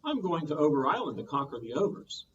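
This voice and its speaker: Man reading as easygoing boy hero, drawling, a bit high, muffled distant sound. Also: very animated, normal speed, a bit bright, a little hiss or hum. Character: lazy strong boy hero, sleepy then brave.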